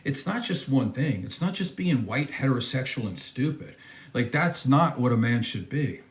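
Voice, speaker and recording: A man's voice: mid-range voice, animated, normal speed, roomy sound. A man hosting a reaction video, talking in a casual, emphatic and mocking way as he comments on a clip.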